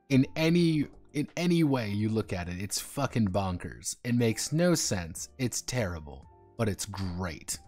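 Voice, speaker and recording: A man streaming, chatting casually and rambling through profane, animated tangents over faint background music. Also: lowish voice. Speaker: streamer and game designer.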